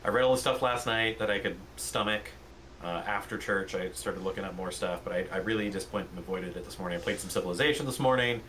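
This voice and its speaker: Man, podcast co-host, fairly low voice, measured explaining, faint noise behind. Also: fairly bright tone, low-quality recording. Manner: measured, explains facts, with restarts. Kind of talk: casual political podcast chat.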